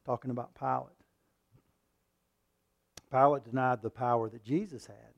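A male preacher delivering a sermon, reading scripture and swinging between loud, forceful passages and hushed ones. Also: medium pitch, steady tone, normal speed, vocal fry, dull audio. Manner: reads scripture aloud and acts out quoted lines.

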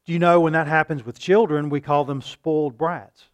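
A man preaching a sermon, asking his listeners questions and acting out loud pleas now and then. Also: fairly high pitch, normal speed. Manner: shifts between calm teaching and loud acted-out pleading; rhetorical questions to the congregation.

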